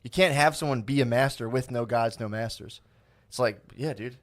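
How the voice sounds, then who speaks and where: Man, podcast co-host, casual chat, rambling, self-deprecating, mid pitch. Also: moderate pace. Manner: rambling, self-deprecating, frequent restarts and "dude".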